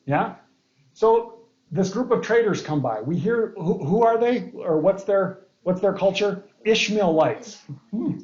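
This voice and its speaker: Muffled pastor with a higher voice. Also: male voice, expressive, a little slow, a little mellow, roomy sound. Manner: casual, joking asides, questions to the group. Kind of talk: Bible study lesson.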